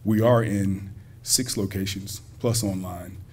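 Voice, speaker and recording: A man's voice: low-pitched, fairly even intonation, slow pace, a little mellow. A man speaking as a college president at a community banquet, folksy and joking, talking directly to the audience. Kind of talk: public speech at a banquet. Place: school hall at a banquet.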